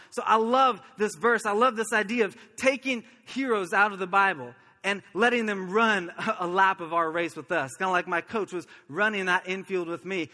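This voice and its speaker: A pastor from Oklahoma preaching a sermon, telling stories earnestly and chuckling now and then. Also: male voice, sits high, bright, forceful tone, big-room sound. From Oklahoma, USA.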